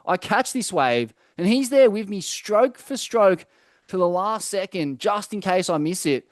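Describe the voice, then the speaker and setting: A man's voice: high-pitched, expressive, measured pace, no room sound, clean studio sound. A young Australian man co-hosting a casual podcast, telling stories loosely with plenty of swearing and fillers. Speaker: podcast co-host. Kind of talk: casual chat.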